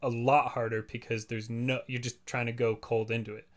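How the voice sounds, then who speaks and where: A man on a podcast as a guest, talking fast and enthusiastically in a rambling way. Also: medium pitch, level tone. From United States. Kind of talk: casual podcast chat.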